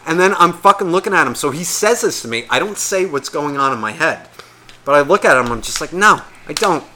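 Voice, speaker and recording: A man's voice: on the high side, animated, fairly quick, sharp tone, a little hiss or hum. A man co-hosting a podcast, telling a rambling, exasperated story full of swearing and acting out the people in it. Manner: acts out the voices of people in his stories. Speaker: podcast co-host. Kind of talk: casual storytelling rant.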